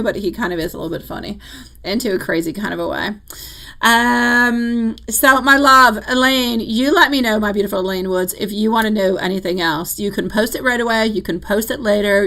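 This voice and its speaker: A woman giving tarot readings on a live stream, chatting fondly with viewers and calling them sweetie and my love. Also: rough recording. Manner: laughs easily, voice jumps high when excited. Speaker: tarot reader.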